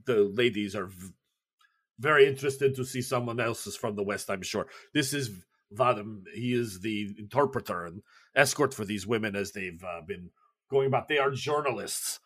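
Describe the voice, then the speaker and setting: A man narrating a tabletop game as game master, in casual, halting speech. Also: mid-range voice, a bit bright, husky.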